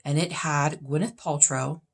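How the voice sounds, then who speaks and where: A woman's voice: deep voice, fairly even intonation, measured pace, husky. A woman in her fifties, a vlogger chatting casually through a list of questions, blunt and opinionated with plenty of emphasis. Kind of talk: casual chat answering questions.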